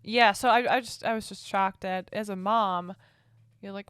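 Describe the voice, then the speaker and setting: A woman's voice: medium pitch, fairly even intonation, moderate pace, fairly bright tone, smooth, dry recording, clean studio sound. Curious, giggly woman. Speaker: podcast co-host. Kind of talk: casual chat.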